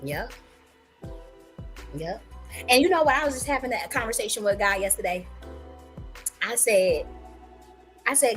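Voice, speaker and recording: A woman, ranting profanely on a live stream and swinging from low muttering to sudden shouting. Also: lively intonation, normal speed, long pauses, soft background music. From United States. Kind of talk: heated ranting monologue.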